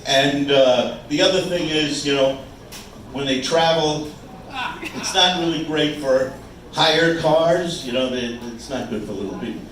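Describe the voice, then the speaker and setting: A man performing a stand-up comedy set in a small club, teasing the crowd with wisecracks and halting restarts. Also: fairly high pitch, fairly bright tone, far from the mic, slight background noise. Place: small brewery club stage. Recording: echoey room, mic heard from afar.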